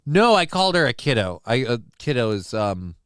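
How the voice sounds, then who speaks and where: A man's voice: mid-range voice, very animated, normal speed, a bit bright, smooth, no room sound, clean studio sound. A man hosting a solo live show, rambling through crude, joking commentary and talk about his daughter. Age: adult with a young child.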